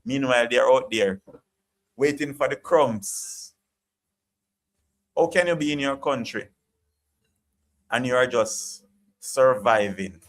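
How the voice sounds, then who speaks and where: Jamaican man, live stream host, heated opinionated rant, mid-pitched voice. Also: takes it slowly, pauses often. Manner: passionate, ranting, repeats "you get what I'm saying". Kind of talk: opinionated live chat monologue.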